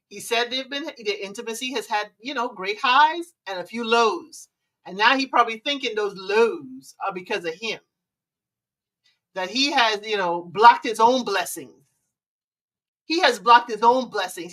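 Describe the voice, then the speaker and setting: A woman with a fairly high, slightly bright voice, heard from a distant mic, hosts a live stream. In casual commentary she hands out sassy relationship advice, humming disapproving "mm-mm" sounds.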